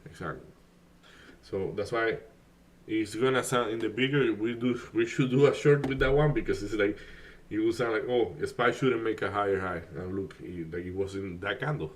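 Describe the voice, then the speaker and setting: A man whose first language is Spanish talks casually on a live stream. His voice sits a little low, and he rambles, restarting his sentences and filling the gaps with "like". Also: normal speed. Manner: rambling, many fillers and restarts. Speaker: day trading streamer.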